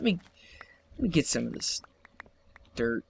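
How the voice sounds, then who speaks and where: A young man giving solo let's play commentary, excitable, yelping, cursing at the game and laughing often. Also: mid-range voice, unhurried, creaky, slight background noise. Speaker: gameplay commentator.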